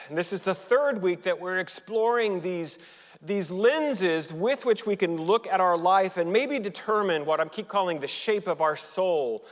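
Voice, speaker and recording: Man, minister, conversational sermon, joking, restarts sentences, slightly high voice, echoing church hall. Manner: chatty, joking, with frequent restarts. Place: church sanctuary.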